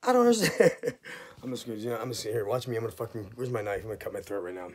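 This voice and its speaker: A man's voice: on the low side, racing, darkish tone, husky. A man ranting angrily to camera, swearing constantly, his voice jumping up in outrage. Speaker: vlogger. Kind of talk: angry profane rant to camera.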